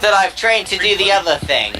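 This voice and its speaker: A man voicing a scornful king in a told fairy tale, speaking in a slow, dismissive way. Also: high voice, big pitch swings, bright, forceful tone, soft background music, exaggerated voice, low-quality recording. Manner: dismissive, deliberate.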